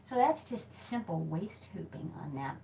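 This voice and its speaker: A very animated woman with a fairly low, gravelly yet mellow voice talks at a normal speed while teaching hoop moves. This chatty hoop fitness instructor giggles, puts herself down and uses many fillers in a casual instructional video shot in a small temporary office by a back door. The rough recording has a little hiss or hum, with the camera mic moving as she hoops.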